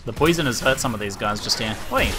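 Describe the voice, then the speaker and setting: An Australian man giving live gameplay commentary, excitable and quick to laugh and swear. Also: mid-range voice, noisy background. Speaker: streamer.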